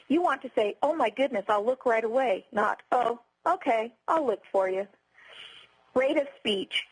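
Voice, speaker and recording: A woman giving a scripted customer service training lecture in a clear, instructive, evenly paced way. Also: a little high, no echo, poor audio.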